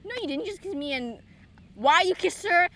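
A young woman chatting casually with a friend, telling stories in an animated, giggly way. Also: very high voice, brisk, slight background noise. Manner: giggly, animated storytelling, frequent laughter. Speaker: friend answering questions. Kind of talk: casual chat.

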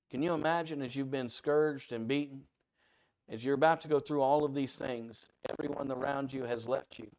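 A man at mid pitch delivers a conversational sermon with a gravelly, creaky texture. He talks animatedly and keeps asking his listeners rhetorical questions. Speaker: preacher.

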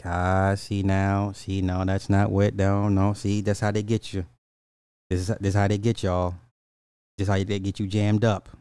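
A man's voice: sits low, level tone, moderate pace, mellow, clear, resonant tone, no room sound. A man in his forties with an African American accent gives blunt, profane opinion commentary, stammering and restarting as he reads news quotes aloud and reacts to chat. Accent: African American Vernacular English. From United States. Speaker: commentary host.

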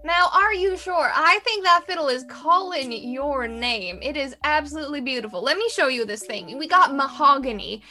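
A woman's voice: high-pitched, animated, normal speed, hardly any pauses, sharp tone, faint music behind. Woman doing a folksy Southern cart peddler. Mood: coaxing sales pitch. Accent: American Southern. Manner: folksy salesman patter. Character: lanky middle-aged male cart trader, smooth-talking.

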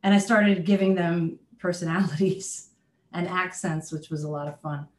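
A woman's voice: fairly low pitch, fairly even intonation, normal speed. A woman who is a children's musician, chatting in an interview, laughing often and restarting her sentences. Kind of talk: casual interview chat. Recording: roomy echo.

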